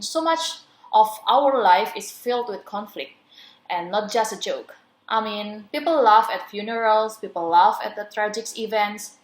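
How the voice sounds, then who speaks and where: A young woman reading the part of a friendly male neuroscientist guest, explaining in plain, measured phrases. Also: medium pitch, natural voice. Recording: roomy echo.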